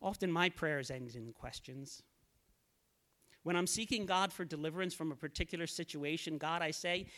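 A man's voice: on the high side, normal speed, bright, forceful tone. A man preaching a sermon, earnest and pleading as he reads scripture aloud.

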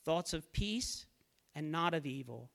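A man's voice: a little high, expressive, a little slow, creaky, fairly bright tone. A man preaching a sermon, earnest and pleading as he reads scripture aloud.

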